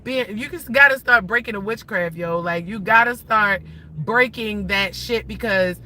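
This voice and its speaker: Bright-voiced woman ranting profanely. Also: medium pitch, a little slow, slight background noise, poor audio. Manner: animated, profane, rambling and excitable. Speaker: livestream host. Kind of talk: casual ranting livestream.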